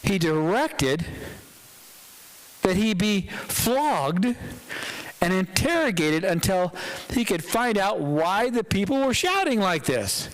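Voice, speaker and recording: A male pastor giving a conversational, dramatic sermon in a church, with pauses for effect. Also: sits high, sing-song, poor audio.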